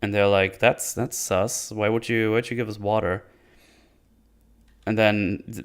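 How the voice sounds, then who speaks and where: A man's voice: medium pitch, clear, resonant tone. A man giving casual spoken commentary as a reviewer, sarcastic and rambling, often breaking into laughter. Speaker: video reviewer.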